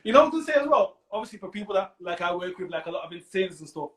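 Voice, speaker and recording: A man's voice: high voice, very animated, very fast, fairly bright tone. A man with a Manchester accent hosting a casual interview, mostly giving short agreements and asking brief questions. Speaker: host.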